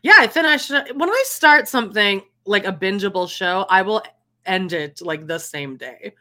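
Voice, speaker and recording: A woman co-hosting a podcast over a video call, chatting casually and animated, often laughing and trailing off mid-sentence. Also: mid-range voice, moderate pace. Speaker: podcast co-host. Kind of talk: casual chat.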